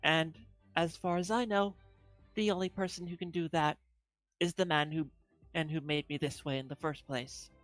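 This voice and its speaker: A woman voicing a cursed young adventurer who cannot feel anything, quiet and resigned. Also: sits low, fairly even intonation, moderate pace, soft background music, natural voice.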